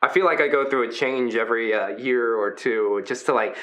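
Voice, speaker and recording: In a medium-pitched, fairly quick, slightly bright and natural voice, a man plays Brutus, a kind fifteen-foot triceratops-like arena fighter. His earnest, rambling showman keeps reinventing his act.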